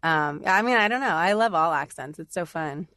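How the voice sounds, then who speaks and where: A woman's voice: fairly low pitch, animated, moderate pace, pushed and bright, no echo, studio quality. A woman voice actor chatting casually on a podcast, filling her talk with "like"s and frequent laughs. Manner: chatty, many "like"s, laughs often. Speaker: voice actor and demo writer, guest.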